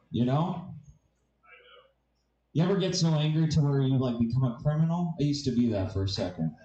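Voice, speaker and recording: A man's voice: medium pitch, warm tone, echoey room, low-quality recording. A man doing stand-up comedy, telling rambling, profane, self-mocking stories.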